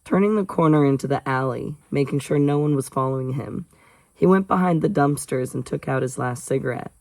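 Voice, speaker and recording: A man's voice: medium pitch, a little fast, vocal fry, darkish tone, dry recording, low-quality recording. A man reading a novel aloud in a casual way, stopping for chatty asides and laughing off his own slips. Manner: chatty asides, jokes about own stumbles. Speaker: audiobook reader.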